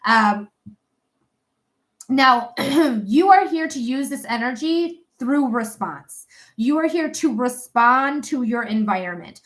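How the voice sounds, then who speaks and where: Chatty high-voiced woman doing readings. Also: lively intonation, takes it slowly, a bit bright. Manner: chatty, blunt, swears casually. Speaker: psychic reader. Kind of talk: live stream reading.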